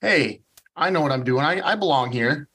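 A man's voice: fairly high pitch, animated, normal speed, bright, forceful tone, slightly rough. Conversational male podcast host. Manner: conversational, with brief backchannels. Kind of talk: casual interview questions.

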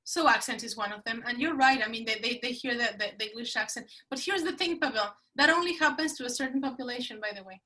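A middle-aged woman speaks as a podcast guest, her voice pitched a little high and very bright. She tells her story with animated, emphatic energy. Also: quick pace, hardly any pauses, far from the mic, low-quality recording. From Mexico. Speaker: guest, business consultant. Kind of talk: casual interview talk.

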